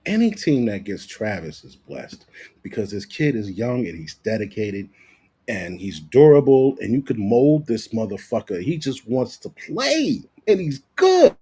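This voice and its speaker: Animated husky man ranting. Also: mid-range voice, measured pace. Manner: animated, profane, repeats himself. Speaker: sports commentator vlogger. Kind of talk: casual ranting commentary.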